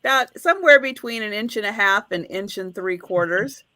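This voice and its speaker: A woman's voice: mid-range voice, lively intonation, normal speed, pushed and bright, dry recording. A woman hosting a live online vintage sale, chatting and counting down bids like an auctioneer. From United States.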